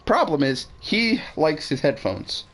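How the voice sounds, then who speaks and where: A man's voice: a little high, sing-song, measured pace, fairly bright tone, low-quality recording. A man streaming a game who tells a long, rambling story with plenty of swearing and restarted sentences. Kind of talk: casual storytelling while gaming.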